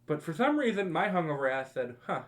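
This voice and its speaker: Fairly high-pitched and fairly fast, this young man's voice carries a laugh-filled, profane story he tells his friends. He's a podcast co-host, and the retelling is casual and animated.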